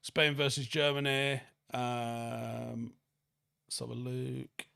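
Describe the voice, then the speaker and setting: Manc bloke doing a live footy review, reads out chat n swears a lot, average pitch voice. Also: male voice, level tone, takes it slowly, creaky, sharp tone, clean tone. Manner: blunt, sweary, reads viewer comments aloud and answers them. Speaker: football channel host.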